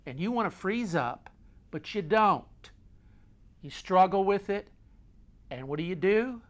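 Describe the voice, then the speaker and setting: A middle-aged male host with a high-pitched, lively voice gives an unhurried, folksy motivational talk, talking with his hands. He's emphatic, repeats key phrases to hammer points home, and swings between loud and quiet.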